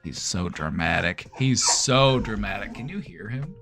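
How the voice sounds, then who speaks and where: A man's voice: fairly low pitch, unhurried, music in the background. A man hosting a livestream from home, chatting casually and stopping to talk to his dog. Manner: relaxed, chatty, talks to his dog mid-stream. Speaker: livestream host.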